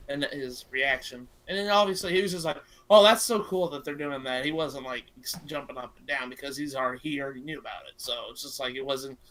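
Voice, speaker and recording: Brief: lively storyteller on a video call, mid-pitched, acts out quotes. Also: low-quality recording. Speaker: gift exchange participant. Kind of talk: casual chat on a group call.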